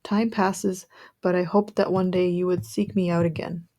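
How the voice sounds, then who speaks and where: A woman reads aloud as an ancient storybook witch of great age and wisdom, giving her a raspy, low voice that is gruff at heart yet grandmotherly and kindly. The tone is solemn and proclaiming, with soft, mellow warmth, little pitch movement and a moderate pace. It's studio quality with no echo and stays close to an everyday voice.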